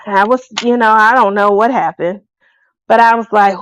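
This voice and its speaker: A woman's voice: medium pitch, steady tone, moderate pace, smooth, no room sound. A woman hosting a craft video, chatting casually to her viewers and laughing often. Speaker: craft channel host.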